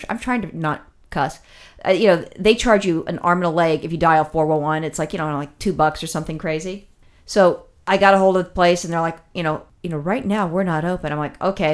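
A woman with a lowish voice tells a long personal story in casual chat, growing emotional as she recounts it. She rambles with many fillers and restarts.

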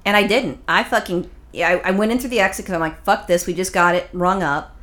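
Fast-talking, blunt, wisecracking woman. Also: fairly low pitch, fairly bright tone. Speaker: podcast co-host. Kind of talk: casual chat.

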